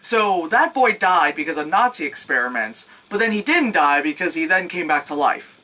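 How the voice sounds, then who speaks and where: A woman's voice: on the low side, normal speed, poor audio. A woman giving a casual, sarcastic movie recap, swearing freely. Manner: animated, sarcastic, swears freely, acts out scenes with yelps. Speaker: movie reviewer.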